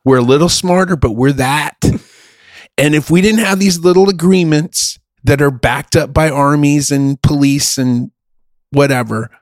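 A man's voice: a little high, a little slow, dry recording. Podcast host, man, swears a lot, emphatic and rambling, dry close sound. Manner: profane, emphatic and rambling, with a playful streak. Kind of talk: casual chat.

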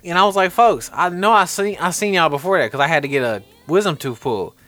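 A man on a podcast, chatting casually and telling a story in slangy, animated speech. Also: high-pitched, quick pace, no room sound. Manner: animated, slangy, laughs while telling stories.

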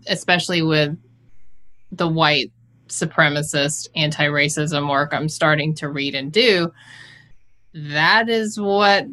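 Female interviewer, deep yet bright tone, reflective and hesitant. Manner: thoughtful, hesitant with fillers. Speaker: host. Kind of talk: casual chat.

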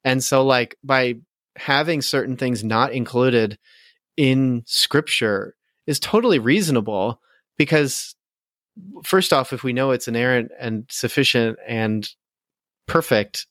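A man's voice: medium pitch, moderate pace, fairly bright tone, no room sound, studio quality. A young married man co-hosting a podcast, talking earnestly in casual chat with hesitant restarts. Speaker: podcast co-host.

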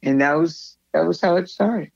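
A woman guest telling stories in a casual interview, lively and acting out what others said. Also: low-pitched, moderate pace, gravelly, no room sound. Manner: animated storyteller, acts out others' lines. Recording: dull lo-fi recording.

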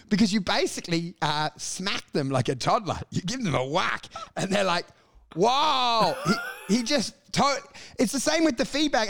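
A man, chatting casually on a podcast. He tells comedy stories in an animated way, swears freely and acts out what he said to the crowd. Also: high-pitched, creaky. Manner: animated, swearing storyteller who acts out his stage lines. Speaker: stand-up comedian and podcast co-host.

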